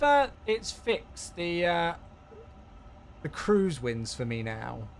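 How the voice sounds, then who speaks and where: A man runs a live flight sim stream from his home setup, chatty and thinking aloud. His voice sits high and swings widely in pitch. A faint hiss stays under him. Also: very animated, slow pace, gravelly. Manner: chatty, thinking aloud, thanking viewers warmly.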